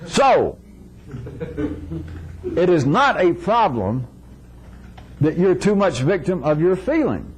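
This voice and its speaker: Animated man lecturing with wry humor. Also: sits high, takes it slowly, pauses often, a little hiss or hum, low-quality recording. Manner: animated, acts out dialogues with shifting voices; wry, chuckles often. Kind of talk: informal philosophical lecture to a live audience.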